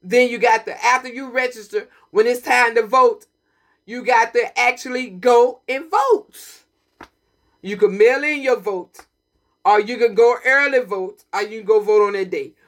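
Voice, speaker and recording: A woman hosts a community radio show. She talks with fervent, preachy emphasis and circles back to her points again and again. Her voice sits a little high. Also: moderate pace, a bit bright. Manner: preachy, emphatic, repeats herself. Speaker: radio host. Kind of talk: passionate community radio talk.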